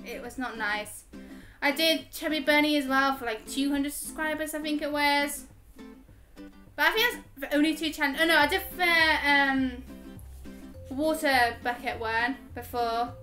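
Woman, high voice, bright tone, chatty, giggly, gaming vlog q&a. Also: fairly even intonation, unhurried, long pauses, faint music behind. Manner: chatty, giggly, frequent laughs and fillers. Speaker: gaming YouTuber. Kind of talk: casual Q&A vlog chat.

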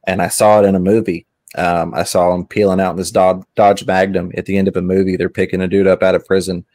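A man's voice: sits low, level tone, quick pace, a little mellow, no room sound. A middle-aged man hosting a casual chat, easygoing and rambling, often restarting his sentences. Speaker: host.

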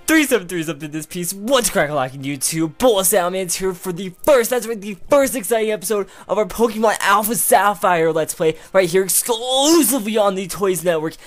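Excitable, gushing let's play host. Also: mid-range voice, a little fast, few pauses, faint music behind. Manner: excitable and gushing, veering into emotional outbursts; rambling with frequent restarts and filler. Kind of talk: video game let's play commentary.

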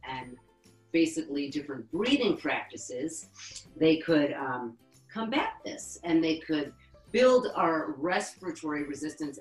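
A woman yoga therapist teaching a webinar lesson, calmly guiding breathing exercises and counting breaths. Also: low voice, roomy sound, poor audio. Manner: calm, instructive, counts breaths slowly.

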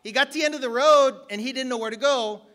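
Male preacher, very high pitch, bright forceful tone, energetic and joking delivery. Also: quick pace. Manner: energetic, joking, shouts at peaks. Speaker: guest preacher. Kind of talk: sermon.

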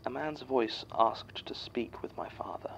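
A man playing an archivist who reads a written statement aloud in scripted horror narration, measured and somber. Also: mid-range voice, vocal fry, a bit bright, whispered, low-quality recording.

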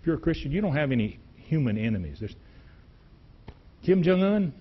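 A middle-aged man preaching a sermon in a church, with emphatic delivery, restarts and repeated words, and sudden loud rises. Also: fairly high pitch, big pitch swings, fairly quick, husky, highs cut off. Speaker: pastor. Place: church sanctuary.

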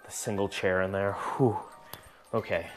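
A man filming a ghost-hunting vlog alone indoors in an old house, gently reassuring an unseen spirit and sometimes jumping with startled outbursts. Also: low-pitched, level tone, a little slow, soft background music. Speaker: paranormal investigator.

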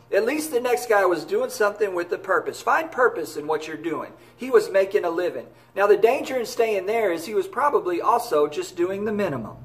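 A man giving an earnest, encouraging motivational talk to camera as a baseball academy director. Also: sits high.

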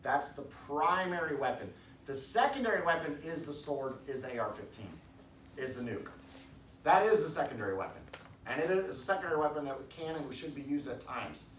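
A man preaching a casual sermon in a church, rambling with restarts and loud emphatic bursts. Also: fairly high pitch, lively intonation, brisk. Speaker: pastor. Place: church hall. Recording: echoey room, distant mic, faint background noise.

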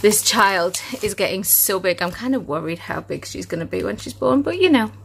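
A woman's voice: medium pitch, animated, normal speed, creaky, a bit bright, slightly rough. A woman with a British accent chatting casually on her vlog, listing items one by one and a little out of breath. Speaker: family vlogger.

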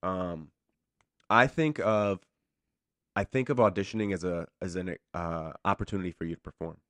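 A man's voice: low voice, moderate pace, no echo. A man, an actor guest on a radio show, telling stories casually and acting out the voices of the people in them. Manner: animated, acts out quoted voices. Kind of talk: casual storytelling.

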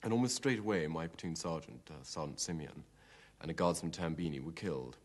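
A man, a former platoon commander, giving a steady, matter-of-fact account of a fight in a documentary interview. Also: a bass voice, fairly quick. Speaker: army platoon commander recalling a battle.

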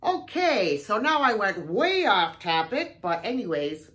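An older woman talks unhurriedly, drawing out her words as she shows her thrift finds to the camera. She is chatty and exclaims often, her voice sitting at an ordinary middle pitch. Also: sing-song, unhurried, a bit bright, slight background noise. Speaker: thrift haul vlogger. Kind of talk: casual show-and-tell haul video.

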